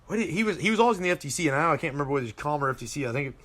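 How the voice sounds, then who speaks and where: A man's voice: a little high, expressive, very fast, a bit bright. Rambling, profane Marine veteran man. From Colorado, USA. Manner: rambling, profane war-story telling. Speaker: podcast guest, Marine veteran. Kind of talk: casual chat.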